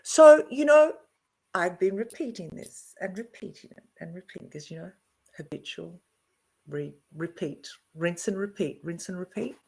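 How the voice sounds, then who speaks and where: A woman co-hosting a podcast in casual chat, telling a story emphatically and slowing down for effect. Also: on the low side, lively intonation, vocal fry, a little mellow, breathy edge. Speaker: podcast co-host.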